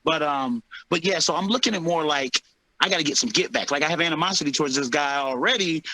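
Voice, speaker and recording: A man's voice: on the high side, quick pace, no echo, rough recording. A man in his thirties, a heavyweight fighter, chatting in an interview and telling stories with lots of laughs and acted-out quotes. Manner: animated storyteller, laughs often, acts out quotes. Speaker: UFC heavyweight fighter, guest. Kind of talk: casual interview chat.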